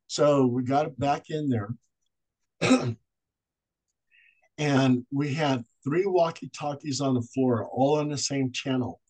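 A man telling ghost stories as a podcast guest. He tells them in an animated way and acts out the voices of the people in them. His pitch sits in the middle for a man. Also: takes it slowly, pauses often, poor audio. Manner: animated storyteller acting out voices. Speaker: paranormal investigator guest. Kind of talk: storytelling in a podcast interview.

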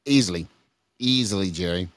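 A man's voice: deep voice, normal speed, dry recording, studio quality. A man co-hosting a live audio show, laid-back and joking, cutting in with pointed questions. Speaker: co-host. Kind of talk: casual chat.

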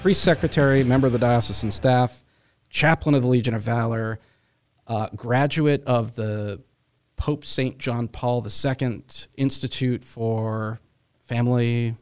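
A man's voice: mid-range voice, steady tone, a little slow, smooth, faint music behind. A man hosting a faith podcast, talking casually with many fillers and restarts. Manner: rambling with frequent fillers. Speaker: podcast host.

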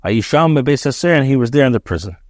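Rabbi reading and translating scripture, dry. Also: male voice, medium pitch, expressive, darkish tone, no room sound. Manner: reads Hebrew then translates with pauses and restarts. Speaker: rabbi teaching Torah.

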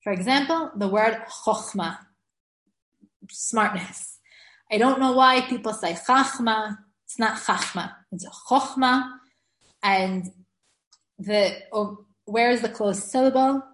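A woman's voice: on the high side, slow, fairly bright tone. Woman, grammar teacher, patient lecture, repeats words for emphasis, roomy echo. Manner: explains patiently, repeats words to stress the right reading. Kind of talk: recorded lecture.

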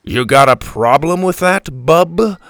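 Gruff grandpa, a man voicing him: blunt, growling, slow, gravelly. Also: a little high, lively intonation, a bit bright, no room sound, pitched above the performer's own voice, heavily acted. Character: gruff, protective old grandfather.

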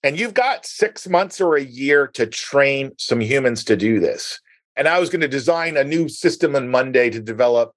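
A man's voice: mid-range voice, no echo. A man hosting a conversational interview podcast, telling stories and asking long framing questions. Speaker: podcast host.

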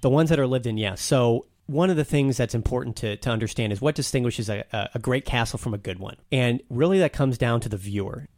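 A man's voice: mid-range voice, a little fast, hardly any pauses, darkish tone, dry recording, clean studio sound. A man talking casually and enthusiastically as a guest on a podcast, telling stories with some restarts.

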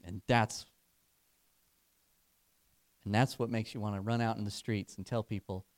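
A man giving a sermon, telling a story with rising energy and then slowing down and softening for emphasis. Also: lowish voice. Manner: animated, building excitement in the story. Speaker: preacher.

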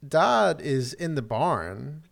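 A man's voice: mid-range voice, big pitch swings, slow, vocal fry. A man chatting casually as a podcast co-host, recapping a TV episode with lots of ums and restarts. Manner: rambling, many "um"s and restarts, acts out quotes.

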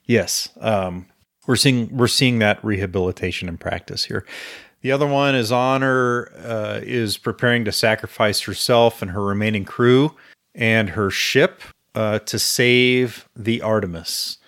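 Male podcast co-host reading book passages, low voice, dry close sound. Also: unhurried, a bit bright, no echo. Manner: reads passages aloud with asides, some filler "uh".

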